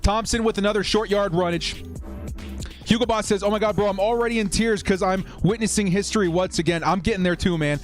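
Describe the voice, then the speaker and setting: A young man hosting a live watch-party stream, chatting with viewers and getting excited over each play. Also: high-pitched, brisk, soft background music.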